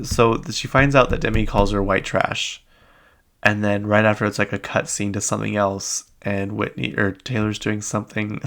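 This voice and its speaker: Creaky low-voiced man chatting casually. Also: a bit bright. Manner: rambling, many fillers and "like"s. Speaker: podcast host. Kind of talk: casual recap chat.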